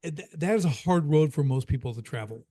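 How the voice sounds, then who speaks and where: A man's voice: fairly high pitch, expressive, fast, dark tone, dry recording. Emphatic storytelling man, dry close sound. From Chicago area, USA. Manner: emphatic storyteller, repeats key phrases, says "right?" often. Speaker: business coach and guest. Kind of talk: casual podcast conversation.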